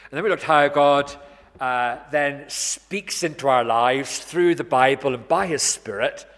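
A man preaching a sermon in an earnest, measured way, slowing down to stress key words. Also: mid-range voice, fairly bright tone. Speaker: pastor. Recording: long reverb in a church hall.

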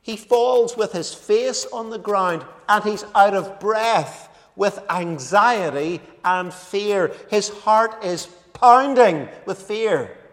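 A male preacher delivering a sermon, measured and emphatic, repeating key phrases for weight. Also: high-pitched. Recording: long reverb of a large hall.

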